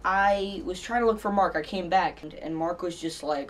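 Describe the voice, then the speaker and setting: A man's voice: sits high, moderate pace, far from the mic. A teenage boy vlogger telling a story in a rambling way, with many fillers and restarts. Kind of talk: casual storytelling vlog.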